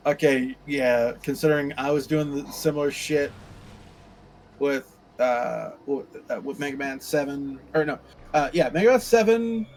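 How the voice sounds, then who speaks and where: A man's voice: mid-range voice, measured pace, darkish tone, a little hiss or hum, rough recording. A man streaming a game, ranting sarcastically and crudely in casual chat. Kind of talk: casual chat while gaming.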